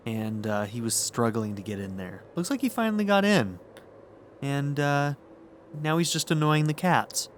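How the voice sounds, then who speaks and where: A man's voice: mid-range voice, a little hiss or hum. A man in his thirties giving joking, casual commentary while he plays a video game. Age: 30s. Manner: joking, wry running commentary. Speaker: game streamer.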